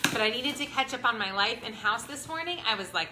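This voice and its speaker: A woman hosting a live unboxing from her home, bubbly and excited, greeting viewers by name. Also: high-pitched, fast, few pauses. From Ohio, US. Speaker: product review livestream host. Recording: echoey room with background noise.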